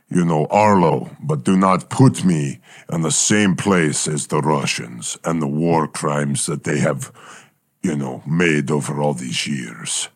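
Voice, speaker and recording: A man voicing a gruff male talking bear, a failed war experiment, in an improvised comedy podcast. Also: a bass voice, dry recording, clean studio sound, full character voice.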